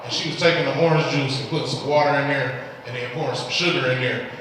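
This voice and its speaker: Far from the mic in an echoey hall, a young Detroit-accented man from Detroit runs through a stand-up set of loose stories and exasperated quoted voices. He talks fast in a mid-range voice with fairly even intonation, over background noise and audience laughter at the live club.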